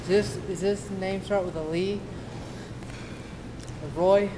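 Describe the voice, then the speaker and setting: A man with a high voice chats in a light, easygoing way while a friend films him. Clear background noise sits under the handheld camera audio. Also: fairly even intonation, slow. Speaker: friend being filmed. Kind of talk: casual chat.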